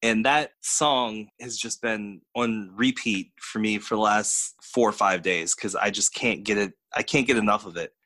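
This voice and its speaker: A lowish, bright and forceful male voice, co-hosting a podcast and chatting casually with eager enthusiasm. The sound is dry and close. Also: moderate pace, hardly any pauses, no room sound. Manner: enthusiastic, gushing about music. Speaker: podcast co-host. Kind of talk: casual chat.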